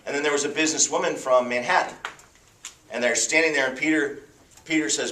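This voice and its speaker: A man preaching a sermon, telling a story with animated pitch swings. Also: quick pace, heavy background noise. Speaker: pastor. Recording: echoey hall from far off.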